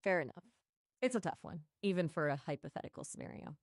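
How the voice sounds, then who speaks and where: A calm AI assistant speaks in a woman's voice that sits a little low, recorded close and dry with no room sound. She is apologetic and explains things patiently, like a conversational chatbot. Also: fast, dry recording. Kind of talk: conversational AI chat.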